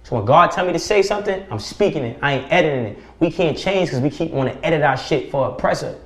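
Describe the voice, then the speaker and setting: A man speaking as a podcast guest, preaching forcefully with profanity and rhetorical questions. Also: a little high, animated, fast talker. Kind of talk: impassioned podcast conversation. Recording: roomy echo.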